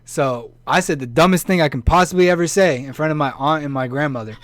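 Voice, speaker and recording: A young man co-hosting a podcast, telling a story in relaxed slang and laughing often. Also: on the high side, fast talker. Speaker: podcast co-host. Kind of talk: casual chat, storytelling.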